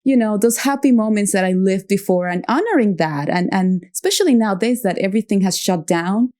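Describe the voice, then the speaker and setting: A woman's voice: medium pitch, fairly quick, warm tone. Thoughtful woman hosting a podcast. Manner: thoughtful, searching for words, laughs easily. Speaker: podcast host. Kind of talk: reflective interview conversation.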